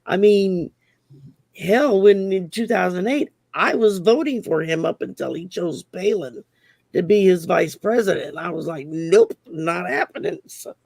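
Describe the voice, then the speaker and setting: A man's voice: high-pitched, measured pace, vocal fry, darkish tone, dry recording. A man hosting a live online chat, telling stories in a loose, rambling way and often restarting his phrases. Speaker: host. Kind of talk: casual live-stream chat.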